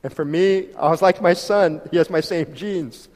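Impassioned preacher in a reverberant hall. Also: male voice, fairly high pitch, moderate pace. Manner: emotional, swinging from loud exhortation to soft intimacy. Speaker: pastor. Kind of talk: sermon. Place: church hall. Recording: long reverb of a church hall.

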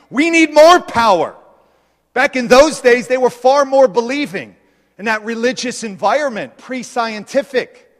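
A man delivering a sermon in a high, ringing voice, pressing each point with repeated phrases. His words carry a long reverb, as if spoken in a large hall. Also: a bit bright. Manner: emphatic, insistent preaching with repeated phrases. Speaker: preacher.

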